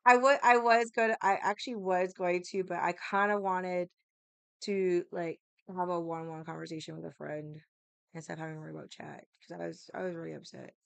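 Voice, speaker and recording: A woman's voice: lowish voice, fairly even intonation, a little fast, vocal fry, clean tone, no echo. A woman livestreamer telling a story in casual, rambling speech, swearing constantly as she talks. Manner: restarts and fillers, loosely paced.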